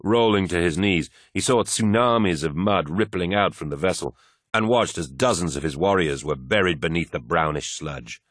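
A man narrating a dramatic action story with steady storytelling. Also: low voice, no echo, studio quality. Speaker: audiobook narrator. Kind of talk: scripted narration.

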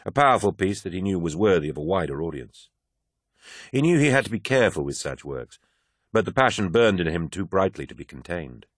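Deep-voiced man narrating an audiobook. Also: very animated, fairly quick, no room sound, clean studio sound.

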